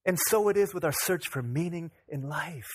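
A man in his thirties, a pastor, preaching a sermon that opens with a lively family anecdote, acting out the dialogue in it. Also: on the high side, normal speed, husky. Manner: animated, acts out dialogue in anecdotes. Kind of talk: sermon with storytelling.

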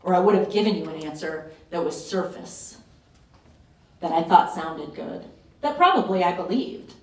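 A woman's voice: lowish voice, lively intonation, normal speed. A woman pastor preaching a fervent, urgent sermon at a retreat, pressing her points with emphatic repetition. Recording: roomy echo, voice from a distance.

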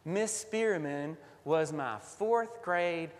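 A man preaching a sermon as pastor, earnest, building to emphatic peaks and then dropping soft. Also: on the high side, extremely slow, in a large hall.

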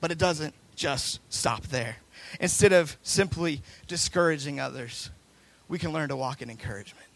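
A man's voice: on the high side, normal speed, gravelly. A man preaching a sermon as pastor, building intensity with repeated phrases.

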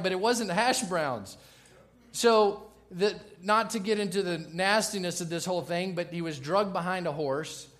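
A man preaching a sermon to his church in an energetic, joking way, loud at times. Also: fairly high pitch. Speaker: pastor. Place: church in Baltimore.

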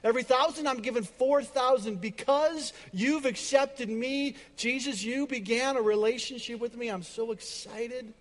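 A man acting out an overjoyed repentant tax collector, shouting excitedly. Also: very high-pitched, normal speed, hardly any pauses, in a large hall.

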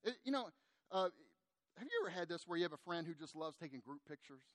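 A middle-aged pastor preaches a sermon in a relaxed, conversational manner, growing animated as he addresses his congregation directly. His voice is strikingly high for a man, and he speaks at a quick pace. The recording is dry and close, with no room sound.

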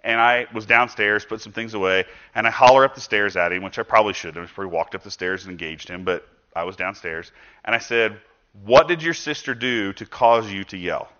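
A man preaching a sermon as pastor, conversational, asking the listeners rhetorical questions and acting out quoted speech with bursts of loudness. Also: fairly low pitch, a little fast. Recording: dull lo-fi recording.

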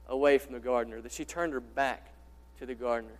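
A man pastor preaching an impassioned sermon, repeating rhetorical questions and swinging from loud to quiet. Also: mid-range voice, steady tone, fast. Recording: reverberant hall.

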